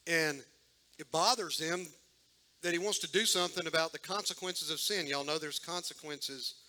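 Folksy preacher with a bright voice. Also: male voice, a little high, a little slow, low-quality recording. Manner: folksy, talks directly to the congregation. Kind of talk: sermon storytelling.

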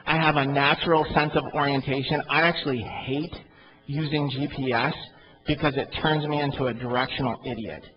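A man preaching a sermon in an animated way, swinging between loud emphatic peaks and quiet asides. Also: mid-range voice, a little fast, dull audio. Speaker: pastor.

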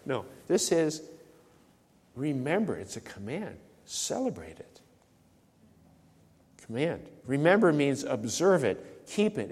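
A pastor preaching a sermon, emphatic and repeating key phrases for stress. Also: male voice, medium pitch, a little mellow, long reverb tail. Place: church sanctuary.

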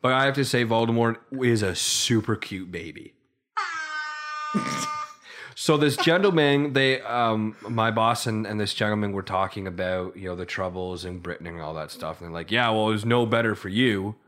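A man's voice: lowish voice, moderate pace, a bit bright. A man from Canada co-hosting a casual podcast, telling stories in a rambling way with frequent restarts. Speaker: podcast co-host.

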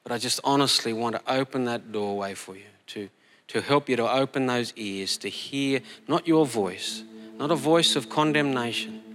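A man preaching as pastor, leading a slow, gentle, prayerful reading. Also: medium pitch, slight background noise. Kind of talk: sermon. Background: soft band music.

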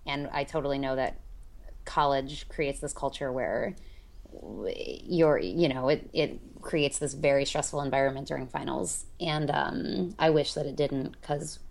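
Low-voiced woman co-hosting a casual podcast. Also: normal speed, gravelly, darkish tone. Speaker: podcast co-host, college and yoga teacher. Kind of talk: casual chat.

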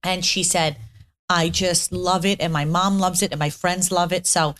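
A woman's voice: fairly low pitch, normal speed. Gushing middle-aged woman podcast host. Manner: gushing, animated storyteller with restarts. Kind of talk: casual chat.

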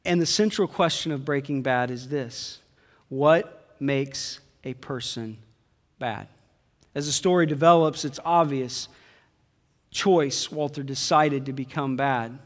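A man preaching a sermon, emphatic, dropping to quiet asides and building to loud high peaks. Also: takes it slowly. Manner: emphatic preaching, swings between soft low asides and loud high climaxes. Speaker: pastor. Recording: long hall reverb.

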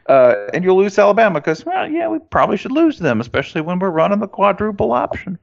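A man's voice: high voice, big pitch swings, brisk, vocal fry, hardly any pauses. A man co-hosting a casual sports podcast, riffing with dry sarcasm. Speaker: podcast co-host. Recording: dull lo-fi recording.

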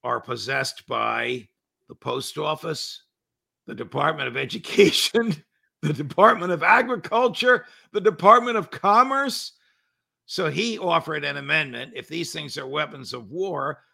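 A man's voice: a little high, vocal fry, pushed and bright, slightly rough. A man giving political commentary as a guest, emphatic and lecturing, building to indignation.

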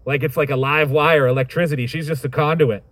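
A man's voice: fairly high pitch, steady tone, a little fast, fairly bright tone, no echo. A man preaching a sermon, reading scripture and reflecting on it in a thoughtful, conversational way with informal asides.

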